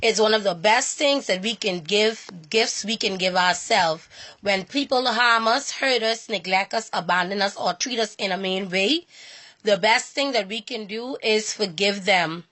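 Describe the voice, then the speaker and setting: A woman's voice: medium pitch, a bit bright. A woman giving an earnest personal talk on faith, repeating herself and restarting phrases as she goes. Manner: earnest and repetitive, with halting restarts. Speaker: inspirational speaker.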